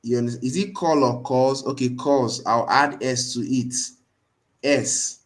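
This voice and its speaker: A man's voice: medium pitch, steady tone, measured pace. A man teaching a design tool in a live screen-share tutorial, earnestly checking in with his students again and again. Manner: earnest, keeps checking in with "right?" and "you understand?". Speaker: design instructor.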